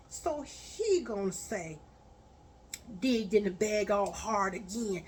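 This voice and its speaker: A woman telling a story on a vlog, blunt and profane, building to loud, forceful rants. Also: a little high, animated, slow pace, a little hiss or hum.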